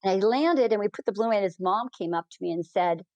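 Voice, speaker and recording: A woman in an interview recounts her flights with heartfelt, animated energy, her speech rushing in quick bursts. She has a mid-range voice for a woman. The recording is dry and close, with no room sound. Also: mid-range voice, no echo, highs cut off. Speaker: hot air balloon pilot, guest. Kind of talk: emotional storytelling in a podcast interview.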